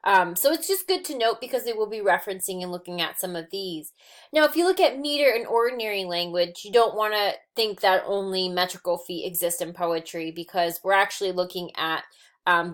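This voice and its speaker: A woman's voice: mid-range voice, a little fast. Woman explaining poetry meter. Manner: explanatory, with frequent ums and restarts. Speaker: teacher. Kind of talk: recorded lecture on poetry notes.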